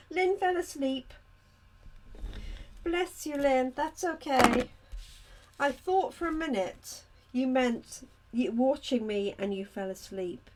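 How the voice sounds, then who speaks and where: Unhurried, chatty woman crafter. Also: high-pitched, darkish tone. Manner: chatty, talks to viewers by name and answers their comments. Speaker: craft demonstrator. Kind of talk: live card-making demonstration.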